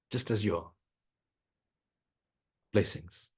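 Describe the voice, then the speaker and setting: A man's voice: on the low side, moderate pace, breathy edge, lo-fi sound. A man teaching spiritual ideas in a Q&A talk, blunt and mocking, swearing freely and repeating his points like a preacher. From Africa. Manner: repetitive, preachy. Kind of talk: non-dual Q&A talk.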